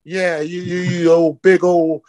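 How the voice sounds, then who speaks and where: A man's voice: sits high, flat delivery, a little slow, a little mellow, dry recording. A man, a footwear company founder talking with passion in an interview, calling people out with repeated questions. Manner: fiery, preaching, calls people out with repeated questions.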